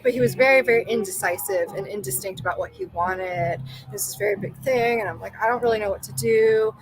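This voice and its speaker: A young woman telling a personal story in casual chat, rambling with lots of fillers and animated self-quoting. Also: a little high, a little hiss or hum, poor audio. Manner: rambling, full of likes and you-knows, animated quoting. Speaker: podcast guest.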